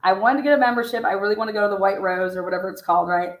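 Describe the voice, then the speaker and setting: A woman's voice: medium pitch, rapid-fire. Blunt, profane woman in an echoey room. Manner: blunt and profane, talks to herself. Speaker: true-crime commentator. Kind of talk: casual commentary reading out messages. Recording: roomy echo.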